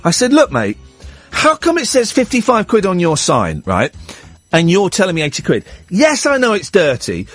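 A husky-voiced man hosting a radio show, telling a story with a high, swooping delivery. He keeps checking in with "right?" and acts out the other people in it. Faint music sits under his voice. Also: normal speed, no room sound. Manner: animated anecdote-telling with lots of "right?" and acted quotes. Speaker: radio host. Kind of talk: casual radio chat, storytelling.

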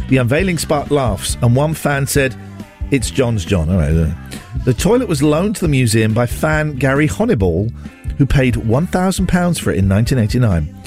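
A man's voice: medium pitch, darkish tone. A man hosting a radio show, reading out a silly list with playful, giggly banter. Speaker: radio host.

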